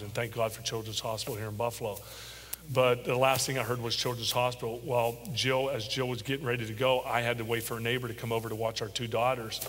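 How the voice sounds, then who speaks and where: A middle-aged father, as an interview guest, tells a personal story in a halting, heartfelt way with many pauses and ums. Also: mid-range voice, a bit bright. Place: large church hall. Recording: echoey church hall with faint hum.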